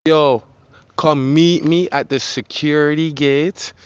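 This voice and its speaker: A man's voice: a little high, fairly even intonation, slow, smooth, highs cut off. A man, a photographer, ranting insistently and pleading over and over in a voice note. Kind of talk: heated voice-note rant.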